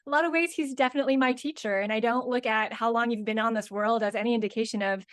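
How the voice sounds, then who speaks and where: Expressive woman with a dry, close voice. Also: on the high side, fast talker, no echo. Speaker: podcast co-host. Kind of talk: casual chat.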